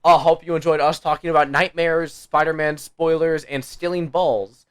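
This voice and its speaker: A man's voice: on the high side, fairly even intonation, normal speed, clear, resonant tone. A young man hosting a casual podcast with friends, rambling and giggly as he jokes around. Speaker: podcast host. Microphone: desk mic on a voice call.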